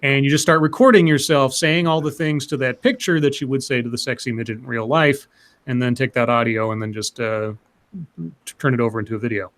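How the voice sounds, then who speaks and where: A man's voice: mid-range voice, steady tone, fairly quick, a bit bright. Rambling man hosting a casual stream. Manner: rambling, hesitant with many fillers. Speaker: podcast host. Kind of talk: casual live stream chat.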